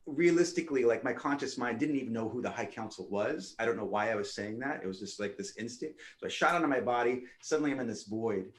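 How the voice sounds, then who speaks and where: A man's voice: medium pitch, expressive, normal speed, roomy sound. A man on a spiritual round-table panel, earnestly telling a vivid first-person story with frequent restarts.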